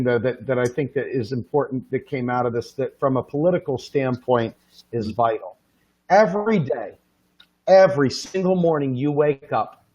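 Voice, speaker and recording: A man hosting a show who rants in an exasperated, incredulous tone about what he hears on television. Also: medium pitch. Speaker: show host. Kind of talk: ranting casual chat. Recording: dull lo-fi sound.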